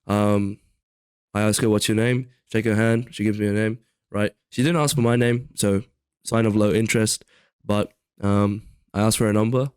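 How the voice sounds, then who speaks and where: A young podcast co-host chats casually in a lowish, flat, smooth and slightly mellow voice at a moderate pace. He rambles with lots of fillers and restarts his sentences, and the sound is dry with little echo.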